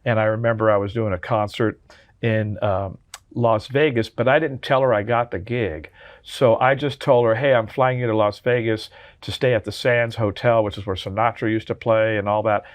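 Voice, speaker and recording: A man in his sixties, a drummer and memoir author, is a guest in an interview conversation, telling heartfelt stories earnestly and with many restarts. His lowish voice is steady in tone at a moderate pace.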